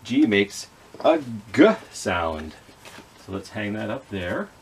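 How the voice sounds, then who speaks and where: A man's voice: on the low side, sing-song, slow pace, a little hiss or hum. A man leading a children's reading skit with puppets, patiently sounding out letters and words. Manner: gently apologetic with the puppets. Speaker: children's librarian.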